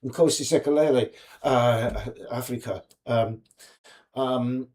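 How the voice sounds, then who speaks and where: A man's voice: mid-range voice, steady tone, darkish tone. A man, an indie game developer, talking alone in a rambling monologue, stopping and restarting often. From United States. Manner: halting, many restarts and fillers.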